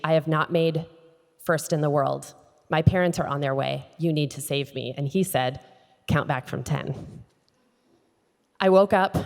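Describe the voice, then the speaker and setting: Lowish-voiced woman telling her story onstage. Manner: expressive storytelling, acting out quoted dialogue. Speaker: keynote speaker. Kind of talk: inspirational personal storytelling speech. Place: conference stage in a large hall. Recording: long hall reverb.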